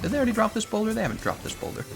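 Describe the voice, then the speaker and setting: A man's voice: high-pitched, big pitch swings, racing, gravelly, music in the background. A young adult man streaming a game, chatting casually and with strong opinions, laughing often. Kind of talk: casual livestream chat while playing.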